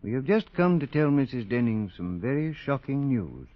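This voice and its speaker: Male actor: steady, grave detective lead, lively inflection, dry and muffled 1940s radio tone. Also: mid-range voice, normal speed, dry recording, natural voice. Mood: stern. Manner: grave and firm. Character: calm, authoritative male detective, middle-aged. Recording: muffled old radio broadcast.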